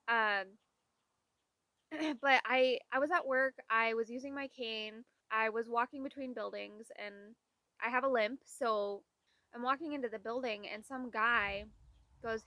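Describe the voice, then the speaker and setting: A woman's voice: fairly high pitch, bright, forceful tone, no echo. A young woman talking casually into the camera, telling candid, exasperated stories and acting out what others said. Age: young adult. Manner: candid, exasperated storytelling with quoted voices. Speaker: vlogger. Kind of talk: casual vlog talk.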